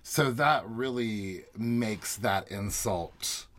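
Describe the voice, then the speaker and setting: A man co-hosting a podcast, chatting casually and recapping a reality TV episode, animated and laughing often. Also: on the low side, drawn-out words. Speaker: podcast co-host.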